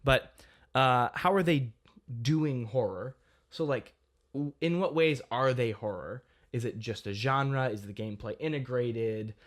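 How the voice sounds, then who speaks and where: Young dude cohosting a game podcast, rambly and chatty, laughs a lot. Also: male voice, mid-range voice, a little slow. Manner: animated, rambling, laughs often. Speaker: podcast co-host. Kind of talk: casual chat.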